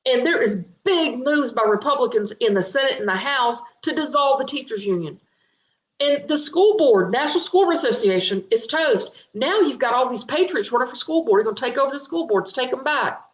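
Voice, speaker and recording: Excited woman livestreaming commentary. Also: sits high, a little fast. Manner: excited, emphatic, addresses viewers directly. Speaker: political commentary host. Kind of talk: Facebook live political commentary. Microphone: webcam or phone on livestream. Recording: echoey room, slightly muffled livestream audio.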